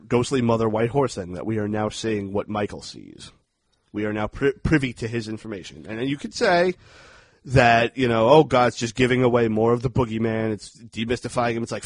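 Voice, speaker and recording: A man co-hosting a podcast, chatting casually as he recaps a horror movie scene by scene, animated and quick to act out outbursts. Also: medium pitch, no echo. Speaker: podcast co-host. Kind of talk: casual movie review chat.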